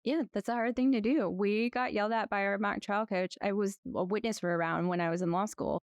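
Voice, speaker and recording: A woman lawyer being interviewed, chatting in a rambling, lively way with frequent restarts. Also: medium pitch, a little fast, no echo, lo-fi sound. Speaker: guest, lawyer. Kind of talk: conversational interview.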